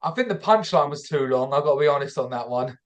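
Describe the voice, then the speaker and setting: A man's voice: on the high side, animated, fast. A man hosting a podcast, asking questions in a loose, casual way and stammering now and then. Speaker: podcast host.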